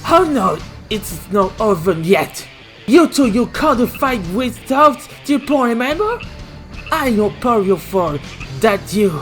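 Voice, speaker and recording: A reader voicing a spiteful woman villain who taunts loudly, for a homemade fan story reading. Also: mid-range voice, sing-song, slow pace, faint music behind, voice pushed up. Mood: taunting.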